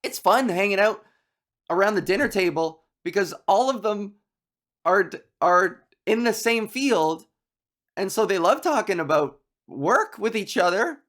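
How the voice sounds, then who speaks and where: A man's voice: high voice, expressive, measured pace, a bit bright. Rambling Canadian man telling comic stories. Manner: rambling, self-mocking, laughs at his own jokes. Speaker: comedian. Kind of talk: rambling stand-up storytelling.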